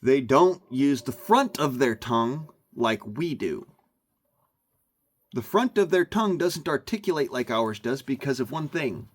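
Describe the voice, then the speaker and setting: Slow-talking man on a rambling rant. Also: medium pitch, lively intonation. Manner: emphatic, meandering, repeats himself. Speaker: vlogger.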